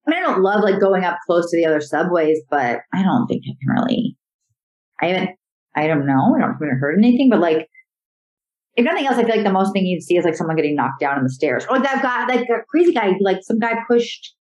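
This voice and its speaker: This comedian guest, a young woman, has a lowish, darkish voice and talks fast and animatedly. Chatting casually on a video call, she spins meandering stories loaded with fillers.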